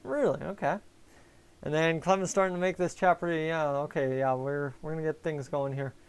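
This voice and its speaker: A man's voice: fairly high pitch, steady tone, brisk, clear, resonant tone. A young man hosting a live fan stream, chatting casually about the game and answering viewers by name over a headset mic. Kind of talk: casual fan commentary and chat replies.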